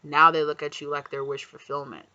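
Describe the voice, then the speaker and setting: A man's voice: a little high, level tone, a little fast, pushed and bright, no echo. A man giving a casual tarot reading, rambling with lots of fillers and acting out quotes. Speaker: tarot reader. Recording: slightly dull lo-fi audio, faint background ambience.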